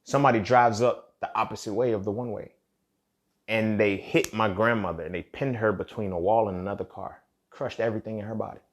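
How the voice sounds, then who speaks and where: A man's voice: lowish voice, fairly even intonation, a little fast, lo-fi sound. Young man telling a raw personal story. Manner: casual, profane, emotional, swings from loud to hushed. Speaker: podcast host.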